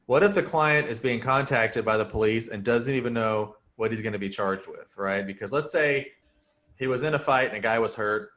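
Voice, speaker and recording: A man's voice: mid-range voice, moderate pace, fairly bright tone. A man hosting a casual chat as a criminal defense lawyer, easygoing and joking, explaining things plainly with everyday examples.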